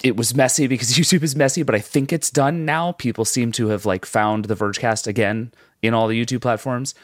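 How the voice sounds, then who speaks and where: A man co-hosting a podcast with a sore throat, husky and explaining things in a chatty way. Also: medium pitch, fairly quick, no echo, studio quality. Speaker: podcast co-host. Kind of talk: casual chat.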